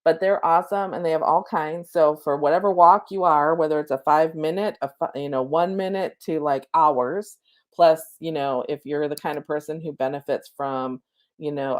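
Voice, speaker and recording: Woman with a low voice doing a chatty, gentle spiritual coaching talk, lots of "okay?" asides. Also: fairly even intonation. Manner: leads a slow counted breathing meditation. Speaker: spiritual coach giving an oracle card reading. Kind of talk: casual spiritual guidance talk.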